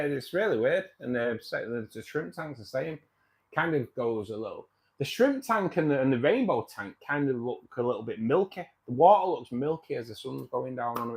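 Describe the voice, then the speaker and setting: A man hosting a casual livestream, chatting with viewers in a rambling way, repeating himself and calling people mate. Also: medium pitch. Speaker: livestream host.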